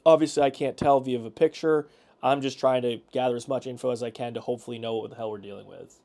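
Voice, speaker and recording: A man co-hosting a casual podcast, talking through events and quoting what people said along the way. His voice sits at an ordinary middle pitch for a man. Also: steady tone, fast, vocal fry, dark tone. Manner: chatty, retelling events with quoted asides. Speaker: podcast co-host. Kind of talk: casual chat.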